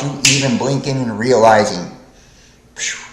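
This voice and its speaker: Slow, preachy man in an echoey room. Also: medium pitch. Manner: rambling, profane, keeps asking "right?". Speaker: podcast host. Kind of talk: preachy livestream monologue.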